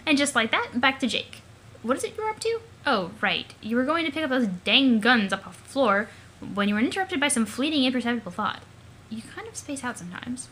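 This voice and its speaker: A young woman reading a webcomic aloud, excitable and giggly, swearing casually between lines. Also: high-pitched, brisk, slight background noise. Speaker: let's play narrator.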